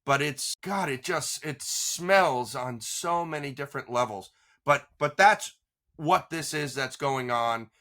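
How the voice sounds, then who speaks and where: A man giving animated political commentary as a guest, emphatic and exasperated, often restarting his sentences. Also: mid-range voice, measured pace.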